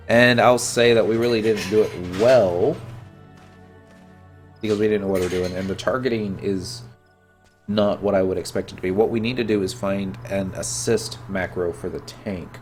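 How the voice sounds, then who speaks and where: A man with a head cold streams a game, talking in a fairly low voice. He chats casually, cracks jokes and answers his viewers as he plays. Faint game music runs underneath. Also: moderate pace, pauses often. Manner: chatty, joking, reads and answers chat. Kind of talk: casual gameplay chat.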